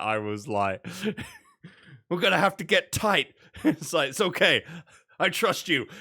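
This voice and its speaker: A man's voice: mid-range voice, fairly bright tone. A young man co-hosting a casual podcast, who laughs often and retells scenes with energy. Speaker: podcast co-host. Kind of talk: casual chat.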